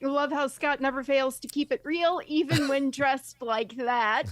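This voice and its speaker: A woman's voice: high-pitched, fairly even intonation, a little slow, no echo. A woman co-hosting a casual livestream, reading out viewer comments in a dry, teasing way.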